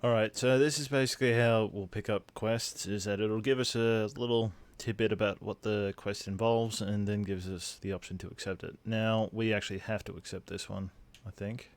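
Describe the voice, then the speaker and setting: A man's voice: on the low side, fairly even intonation, moderate pace, few pauses, no echo. A young Australian man casually commenting on a game on stream and thanking viewers as he plays.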